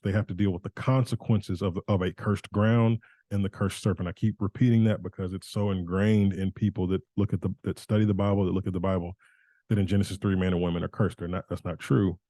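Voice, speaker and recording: A man's voice: low-pitched, warm tone, no echo. A man giving an informal Bible teaching in a conversational way, often restarting and correcting himself.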